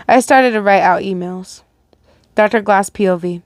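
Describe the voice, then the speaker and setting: A woman reading fan fiction aloud as host, breaking off with animated, reactive asides. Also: mid-range voice, moderate pace, no echo, clean studio sound. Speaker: story reader.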